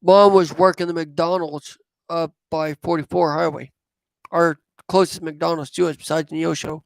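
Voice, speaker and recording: A man, telling a personal story in a rambling, halting way. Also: on the high side, flat delivery, gravelly, no echo. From southwest Missouri. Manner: rambling, halting, with many fillers. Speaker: vlogger.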